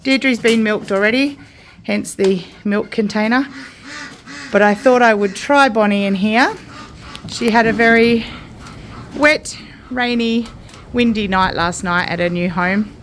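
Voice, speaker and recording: A woman's voice: medium pitch, a little slow, pauses often, a little hiss or hum. An Australian woman filming a casual farm vlog in an outdoor milking shed, explaining her work to viewers and cooing soothing praise to a cow. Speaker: homesteader vlogger.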